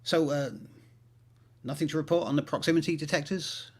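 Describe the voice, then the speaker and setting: A man reading aloud as a vain male astronaut, flustered and faltering as he tries to sound casual, in a somewhat husky voice. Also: a little high, steady tone, brisk, pitched above the performer's own voice, lightly acted.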